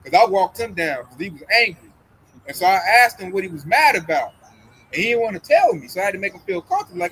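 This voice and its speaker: High-voiced, fast-talking preaching man. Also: sing-song, gravelly, a bit bright, slight background noise, low-quality recording. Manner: emphatic preaching, heavy slang, acts out quoted voices. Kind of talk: casual religious talk.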